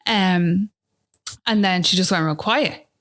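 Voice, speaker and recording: A woman's voice: fairly low pitch, slow, fairly bright tone. Chatty Irish woman telling her story. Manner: chatty, retells scenes with "I was like", often asks "do you know what I mean". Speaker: podcast guest. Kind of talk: personal storytelling in conversation.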